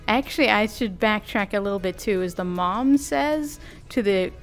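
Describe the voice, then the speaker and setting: A woman giving a casual, animated recap of a cartoon while she draws, slangy and amused. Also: medium pitch, a little slow, soft background music. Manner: animated, amused, often laughing; slangy, conversational. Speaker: video creator.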